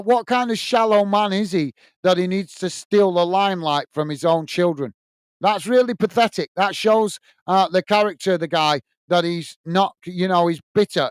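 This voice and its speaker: A man with a high, smooth and clear voice hosts a live football watch-along in a dry, close sound. He chats in a blunt, opinionated way and answers viewer comments one by one. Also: dry recording. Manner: chatty, reads viewer comments aloud and answers them. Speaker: host.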